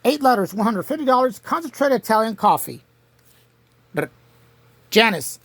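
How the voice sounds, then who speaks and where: A woman hosting a home-made crossword game show, reading clues and spelling answers letter by letter, pausing and restarting often. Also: fairly high pitch, very animated, husky. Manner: halting, with frequent restarts.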